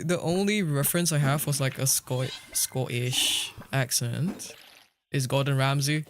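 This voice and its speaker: A young man streams a game and chats casually with his viewers, rambling and laughing a lot. His mid-range voice moves slowly, with faint background music and a little hiss or hum in the audio.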